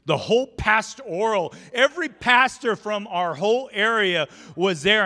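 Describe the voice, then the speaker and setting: Animated pastor preaching in a reverberant church. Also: male voice, high-pitched, unhurried, hardly any pauses. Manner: animated, shouts in storytelling peaks. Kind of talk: sermon with storytelling. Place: church sanctuary.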